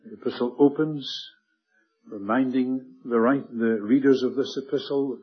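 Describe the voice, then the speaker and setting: A man with a husky, breathy voice preaches a sermon with earnest emphasis. He slows down and falls to a hush at the end of key phrases. The recording sounds dull and lo-fi. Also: medium pitch, fairly even intonation.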